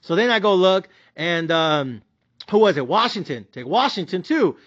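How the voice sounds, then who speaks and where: A young man with a Mexican-American accent rants about his sports bets, swearing constantly and raising his voice to yells. His voice sits high for a man. The recording is dull and lo-fi. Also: moderate pace. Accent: Mexican-American English with Spanish interjections. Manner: profane, animated ranting, yells at times. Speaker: sports betting vlogger. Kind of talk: casual ranting commentary.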